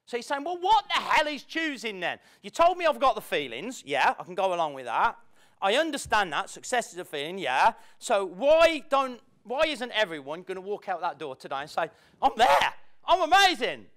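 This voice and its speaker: A man's voice: high voice, big pitch swings, normal speed, a bit bright. A man giving a motivational talk to a live audience in an event room, playful and acting out the people he quotes. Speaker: motivational speaker.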